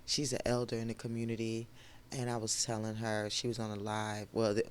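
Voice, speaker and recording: A man with a hoarse voice that has not fully recovered, recapping a reality TV episode in a chatty, gushing way with lots of asides. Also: lowish voice, monotone, brisk, a little hiss or hum. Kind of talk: casual TV recap commentary.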